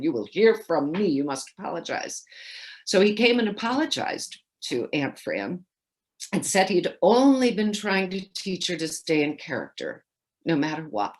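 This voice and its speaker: A woman in her seventies giving a keynote speech, telling amused anecdotes and quoting people with lively shifts of voice. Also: lowish voice. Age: 70s. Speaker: keynote speaker. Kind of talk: storytelling speech. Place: home, recorded for a virtual festival.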